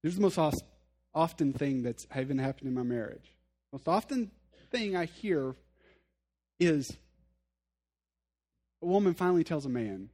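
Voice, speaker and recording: A man's voice: fairly high pitch, expressive, moderate pace, long pauses, a little mellow. Conversational male pastor preaching. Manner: conversational, self-deprecating humor; addresses listeners directly, earnest. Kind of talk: sermon.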